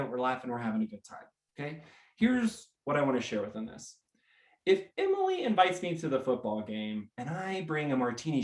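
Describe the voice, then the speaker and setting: Energetic American man in an echoey room. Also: fairly high pitch. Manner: energetic, animated, acts out little scenes. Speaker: host. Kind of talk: motivational live talk.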